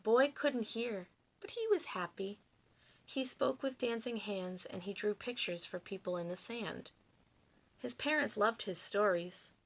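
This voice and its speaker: A woman reading a picture book aloud to children, expressive and pausing to explain. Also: medium pitch.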